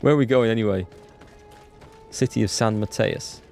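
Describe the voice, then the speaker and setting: A man hosting a live game playthrough, chatty and excitable, greeting viewers in chat. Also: fairly low pitch, moderate pace, vocal fry. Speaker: let's play host. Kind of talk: live gameplay commentary. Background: faint game music.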